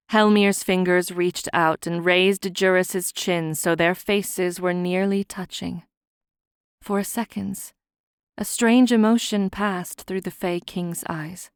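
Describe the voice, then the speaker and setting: A woman narrating a fantasy audiobook in a measured, soft-spoken reading on a close studio mic. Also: fairly low pitch, clean tone, no echo.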